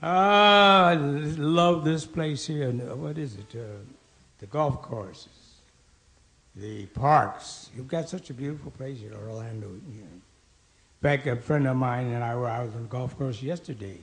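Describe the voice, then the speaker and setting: A man doing stand-up, telling old-school jokes with a gravelly voice and jumping high in pitch for the people in his stories. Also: a little slow, a bit bright. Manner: old-school punchline delivery, jumps up in pitch for quoted characters. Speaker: stand-up comedian.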